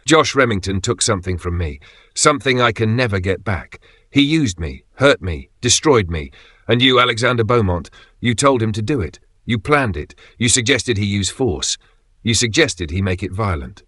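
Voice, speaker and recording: Guy reading a cold vengeful woman, slow threats, kinda low, dry audio. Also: expressive, a bit bright, no room sound.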